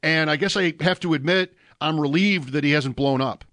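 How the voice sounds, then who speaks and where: A man's voice: fairly high pitch, normal speed, fairly bright tone, no echo, studio quality. A man co-hosting a sports talk show, talking in a thoughtful, musing way. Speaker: sports radio co-host.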